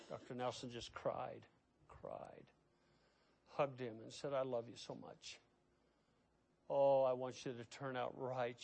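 A middle-aged man preaching a sermon as pastor. He swings between hushed, quiet passages and loud, impassioned ones. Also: medium pitch, vocal fry.

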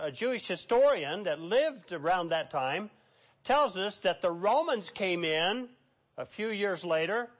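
A man's voice: high voice, fairly bright tone. A man preaching a sermon, reading scripture aloud and acting out quotes with a dramatic, preachy delivery. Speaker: pastor.

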